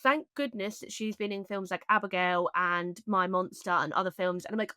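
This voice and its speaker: A woman's voice: medium pitch, normal speed, pushed and bright, clear, resonant tone, no room sound. A woman co-hosting a podcast in casual chat, blunt and opinionated, swearing freely. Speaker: podcast co-host.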